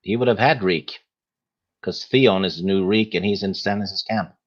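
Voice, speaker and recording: A man appearing as a podcast guest, explaining his theory at a measured pace with many hesitations. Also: low voice, dull audio. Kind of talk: casual podcast discussion.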